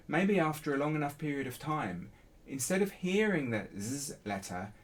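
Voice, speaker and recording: A man who works as a translator, explaining a topic in a casual teaching style and sounding words out as examples. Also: lowish voice. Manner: casual, relaxed explaining with spoken pronunciation demos. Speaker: Chinese to English translator, educational presenter. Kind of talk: explanatory lesson talk.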